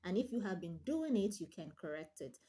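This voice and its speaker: A woman online tutor giving an emphatic instructional talk, stressing her points with deliberate repetition. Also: fairly low pitch, big pitch swings, dark tone.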